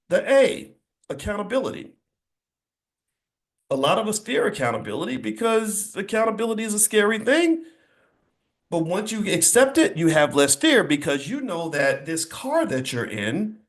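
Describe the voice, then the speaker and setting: A man giving a motivational speech to a live audience, with an emphatic, preacher-like cadence, repeated phrases and blunt folksy asides. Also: high voice.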